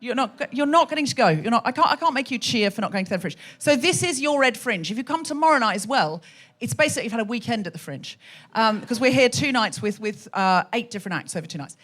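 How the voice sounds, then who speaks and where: Lively, teasing woman hosting a comedy show. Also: on the high side, fast talker, few pauses. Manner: chatty, teasing crowd work. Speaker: comedy podcast host. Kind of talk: live stand-up hosting to an audience. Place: hot theatre stage with a live audience.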